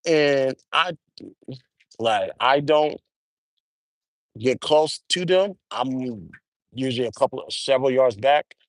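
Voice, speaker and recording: A man's voice: medium pitch, animated, slow, long pauses, no room sound. A man chatting casually on a live stream outdoors at a zoo, wry and grumbling as he talks to himself. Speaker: livestreamer.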